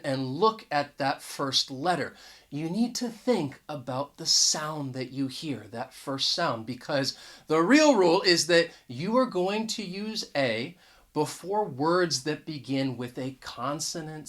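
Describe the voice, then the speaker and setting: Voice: medium pitch, a bit bright. An English teacher giving a casual video lesson to camera, talking in a conversational way, often restarting words and stressing the key points. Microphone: camera mic.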